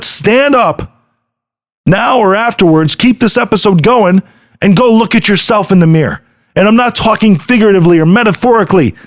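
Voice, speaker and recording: A middle-aged man hosting a podcast, giving an earnest motivational talk straight to the listener and often checking in with "right?". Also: sits high. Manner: earnest, direct address with frequent "right?". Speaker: podcast host. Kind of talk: motivational monologue.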